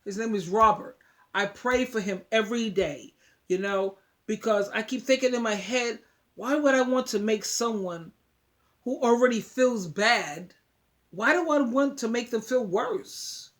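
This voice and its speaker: A woman's voice: fairly high pitch, a little slow. Emphatic New woman vlogger. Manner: emphatic, repeats words, preachy. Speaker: advice vlogger. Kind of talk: casual talk to camera.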